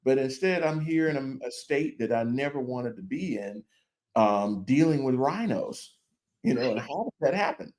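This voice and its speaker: A middle-aged man speaking as a podcast guest, in a voice of ordinary pitch. He talks in a folksy, conversational way, often saying "you know". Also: animated, normal speed, a little mellow. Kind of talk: casual podcast chat.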